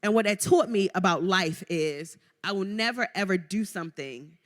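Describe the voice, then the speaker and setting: Animated woman telling her story in a hall. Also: medium pitch, moderate pace. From Baltimore, Maryland. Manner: animated, playful, talks straight to the audience. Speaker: guest entrepreneur. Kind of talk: live stage interview, storytelling. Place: live event venue before an audience. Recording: reverberant live event hall.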